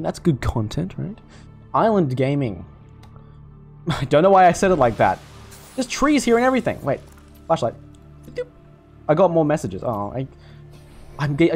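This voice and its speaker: Lively, jokey young man gaming. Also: medium pitch, brisk, soft background music. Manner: jokey, rambling, swears and laughs. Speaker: gaming YouTuber. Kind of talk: casual gameplay commentary.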